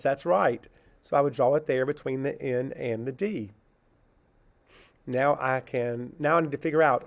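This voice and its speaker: With a fairly high, creaky voice, a man guides children through phonics, answering his own question before splitting words into syllables. His manner is slow and patient.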